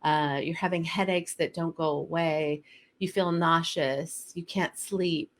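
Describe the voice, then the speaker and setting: A woman's voice: on the low side, steady tone, measured pace. A middle-aged woman coach talking candidly and heartfelt to her viewers, confessional and direct. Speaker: coach and host. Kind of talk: candid talk to camera.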